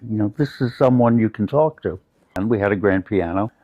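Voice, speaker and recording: A man's voice: on the low side, fairly quick, breathy edge, no room sound, lo-fi sound. An older man from the United States, a guest in an interview, telling personal stories in a reflective, anecdotal way.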